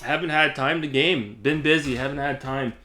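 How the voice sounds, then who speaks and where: Male vlogger, casual and sweary rant, bright forward tone. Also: mid-range voice, moderate pace. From Canada. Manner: profane, sarcastic, ranting with frequent laughs. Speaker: YouTuber.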